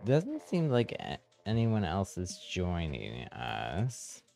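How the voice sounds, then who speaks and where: A very low-pitched man talks casually to his viewers while playing, his voice rising and falling with lively swings. He sounds slightly hoarse, hesitant, and quick to laugh. Faint game music plays underneath. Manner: relaxed, hesitant, laughs often. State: a little hoarse. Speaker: streamer. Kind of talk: casual live-stream chat.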